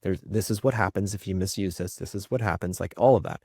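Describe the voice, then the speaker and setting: A man with a fairly low voice tells candid family stories as a podcast guest. He is reflective and often checks in with "right?" He brings quoted moments to life with a jump in energy, and the sound is dry and close. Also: fast, vocal fry, slightly rough, no room sound. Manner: lively acted-out quotes in his stories. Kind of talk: candid storytelling in conversation.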